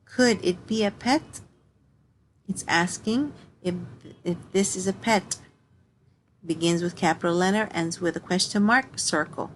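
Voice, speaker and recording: A woman's voice: on the low side, measured pace. Woman teacher going through grammar worksheet w little kids, reads sentences out twice, faint hiss behind. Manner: patient, reads examples aloud and repeats them. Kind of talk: grade one grammar lesson.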